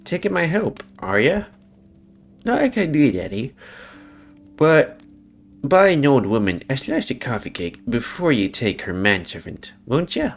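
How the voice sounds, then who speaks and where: A man voicing a sharp-tongued, teasing old woman from a visual novel in a high put-on voice. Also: sing-song, a little slow, gravelly, faint music behind, heavily acted.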